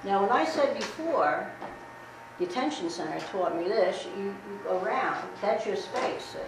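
A woman's voice: medium pitch, expressive, moderate pace, music in the background. A middle-aged woman giving a blunt, streetwise safety talk to a class, repeating herself as she demonstrates. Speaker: guest speaker on safety. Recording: echoey room recorded from far, noisy.

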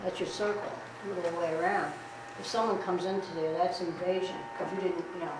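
A woman's voice: lowish voice, steady tone, fast. A middle-aged woman giving a blunt, streetwise safety talk to a class, repeating herself as she demonstrates. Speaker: guest speaker on safety. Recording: echoey room recorded from far, noisy.

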